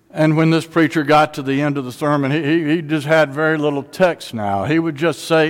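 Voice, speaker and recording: A man's voice: on the high side, fairly even intonation, brisk, few pauses. A man preaching a sermon, building up to rising, repeated call-and-response lines in a nearly empty sanctuary. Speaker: pastor. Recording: long hall reverb.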